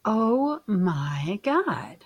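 A woman's voice: mid-range voice, very animated, extremely slow, slightly rough, no room sound, dull audio. A woman from the United States co-hosting a casual comedy podcast, teasing and sarcastic, swearing freely. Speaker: podcast co-host.

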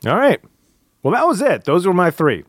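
Relaxed man hosting a podcast. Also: high-pitched, no echo, studio quality. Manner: relaxed, halting, repeats words. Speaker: podcast host. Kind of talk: casual podcast chat.

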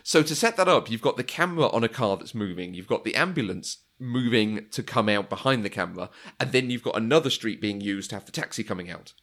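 A man with a slightly low voice chats casually about films. He is enthusiastic, laughs often and sometimes slips into quoted lines. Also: lively intonation, fast, few pauses, fairly bright tone. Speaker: podcast co-host. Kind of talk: casual film discussion.

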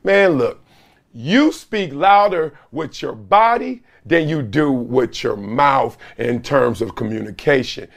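A middle-aged man hosts a solo sports commentary show, taking it slowly in a hoarse, mid-range voice. He's animated and sarcastic, with loud whoops.

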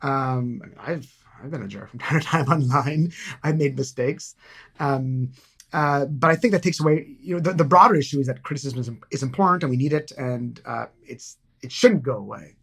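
Middle-aged man, podcast guest, halting, filler-heavy casual talk. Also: mid-range voice, gravelly, a bit bright, husky. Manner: hesitant, many fillers and restarts. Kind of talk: casual conversation.

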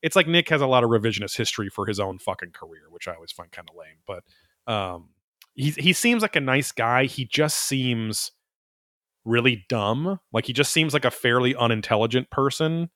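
A man's voice: medium pitch, expressive, moderate pace, fairly bright tone, dry recording, studio quality. Rambling, foul-mouthed male podcast host. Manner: rambling, profane, wry. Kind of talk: casual episode recap chat.

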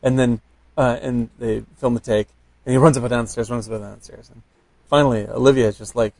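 A man's voice: medium pitch, fairly even intonation, fast, creaky, darkish tone. A man co-hosting a casual podcast chat, laughing often and telling stories with enthusiasm. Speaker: podcast co-host.

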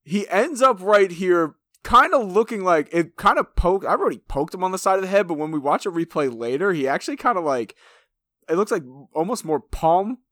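A man's voice: high voice, expressive, fairly quick, fairly bright tone, dry recording, clean studio sound. A young man from New Jersey co-hosting a podcast, talking loosely and cursing as he recaps a reality show. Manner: loose, profane, drifts into voices when quoting people. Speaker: podcast co-host.

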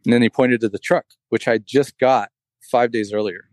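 A man's voice: mid-range voice, fairly even intonation, moderate pace, a little mellow, dry recording. Man, casual podcast chat, dry close sound, rambling anecdote delivery with plenty of fillers. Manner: rambling storyteller, heavy on fillers like "like" and "you know".

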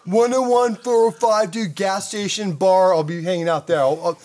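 A man's voice: high voice, steady tone, normal speed, a little mellow, soft background music, pitched above the performer's own voice, natural voice. A man voicing his flaky young surfer buddy on the phone in a breezy, swearing, dude-heavy manner. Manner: breezy, says dude constantly, swears a lot.

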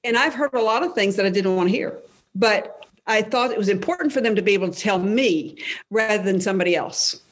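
A woman's voice: mid-range voice, a little fast. An older woman speaks in a faith-based interview as a guest author. She tells stories from her own life openly and reflectively. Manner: candid, reflective, storytelling.

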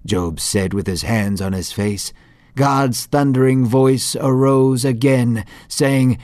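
A man's voice: mid-range voice, measured pace, darkish tone, dry recording, clean studio sound. A man narrating a Bible story in an earnest, dramatic scripted style.

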